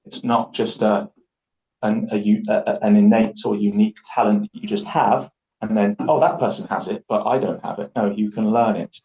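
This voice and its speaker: Animated man leading a speaking workshop. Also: lowish voice, normal speed, low-quality recording. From Scotland. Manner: animated, acts out voices in anecdotes. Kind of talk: live public speaking workshop.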